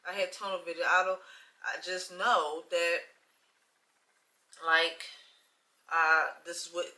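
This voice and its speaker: A woman in her late thirties telling a personal story in a casual, chatty way. She acts out both sides of conversations and swings between loud and hushed. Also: lowish voice, fairly even intonation, slow. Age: late 30s. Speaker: vlogger sharing a personal testimony.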